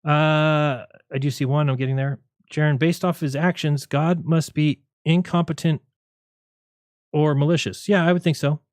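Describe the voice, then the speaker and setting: A man hosting a livestream, talking in a rapid, argumentative, sarcastic way to his viewers. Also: on the high side, steady tone, no echo, studio quality. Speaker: livestream host. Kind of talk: casual livestream monologue.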